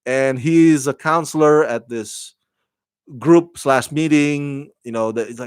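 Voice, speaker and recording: A man talks through a TV episode review in a loose, rambling way, stopping and restarting often. His voice sits at a middle pitch. The sound is dry and close, with no room echo. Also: slow pace, clean tone. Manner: rambling, with many fillers and restarts. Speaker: TV show reviewer.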